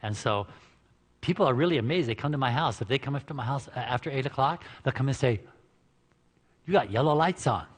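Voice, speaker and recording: At a church health seminar, a man with a medium-pitched voice talks fast, keeping things informal and joking. He chats with the audience in the church hall and laughs at his own lines, all in a reverberant room.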